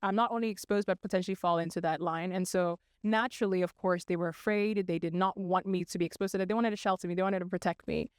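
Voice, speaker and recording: A young woman from Congo, raised in South Africa, speaking as a podcast guest and telling her story in a measured, articulate way. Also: fairly low pitch, fairly even intonation, clear, resonant tone, no room sound, clean studio sound. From Democratic Republic of Congo, raised in South Africa. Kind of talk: casual interview chat.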